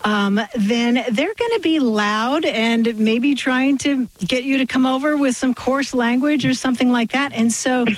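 A woman's voice: high voice, measured pace, hardly any pauses, rough recording. Woman co-hosting a radio call-in show. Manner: chatty and explanatory, with light laughs. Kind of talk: radio call-in chat, explaining word origins.

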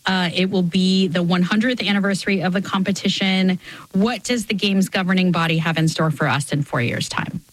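A woman's voice: lowish voice, steady tone, a little fast, no room sound, poor audio. A woman hosting a radio interview in a conversational, lightly joking manner. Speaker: radio show host.

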